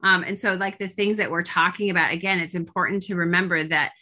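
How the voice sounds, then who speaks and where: A woman in her forties leads a parenting group in a loose, chatty way, full of fillers and restarts. Her voice sits a little low, yet it has a bright, forward edge. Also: steady tone, fast. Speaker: parenting coach leading a group. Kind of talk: casual group coaching talk.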